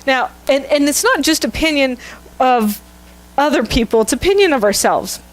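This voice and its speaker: In a church sanctuary, a middle-aged woman minister gives a sermon, sharing a candid, self-mocking story and laughing with her congregation. Her voice is high and animated, at a moderate pace.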